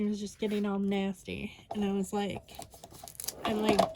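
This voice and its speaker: A woman's voice: medium pitch, completely flat delivery, a little slow, darkish tone, a little hiss or hum. An exhausted woman chatting casually while she crafts, rambling with lots of fillers. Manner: rambling, tired, many fillers. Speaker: scrapbooking vlogger.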